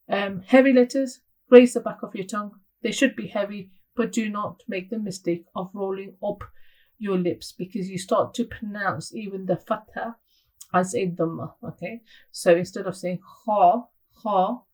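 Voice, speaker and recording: A woman's voice: mid-range voice, darkish tone, low-quality recording. A woman teaching pronunciation to teachers, explaining patiently and sounding out example syllables. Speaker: Tajweed teacher trainer. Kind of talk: instructional lesson.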